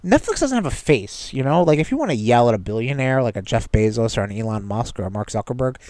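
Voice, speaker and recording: A man's voice: medium pitch, sing-song, quick pace, darkish tone, no echo. A man co-hosting a casual pop-culture chat, rambling, wry and freely profane. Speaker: podcast co-host.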